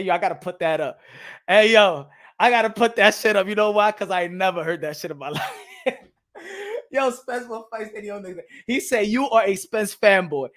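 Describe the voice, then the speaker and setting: High-pitched gravelly guy ranting about boxing deals, swearing a ton, bright edgy voice. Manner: loud, profane, animated, laughing often. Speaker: boxing channel host. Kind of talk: ranting reaction to viewer comments.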